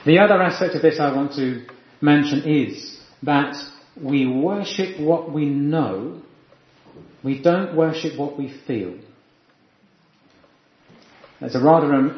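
A man preaching a sermon in an earnest, reflective teaching manner. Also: medium pitch. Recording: echoey, dull lo-fi room sound.

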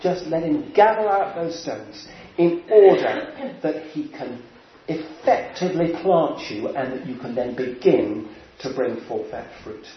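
Preacher guy, slightly high voice, slow w lots of pauses n throat clearing, booming echo, kinda muffled. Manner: unhurried, pausing, often clears throat. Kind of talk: sermon. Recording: very echoey, dull church sound with faint hiss.

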